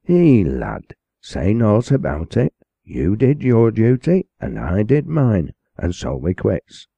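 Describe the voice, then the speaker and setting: A man's voice: on the low side, huge pitch swings, slow, gravelly, no room sound, dull audio, pitched above the performer's own voice, heavily acted. A man voicing a blunt, kindly old shopwoman with a Lancashire accent and homely scolding talk. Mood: brusque. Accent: Lancashire dialect.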